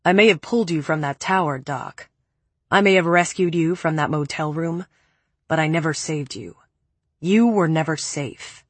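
A woman voicing a cold, cruel young man who speaks calmly and cuttingly in a low, flat tone. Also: moderate pace, breathy edge, dry recording. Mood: cold, menacing.

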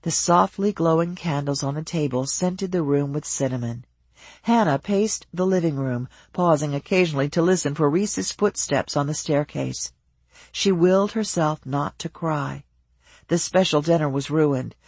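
Husky, dry audiobook narrator. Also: mid-range voice, no room sound. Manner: even, measured storytelling.

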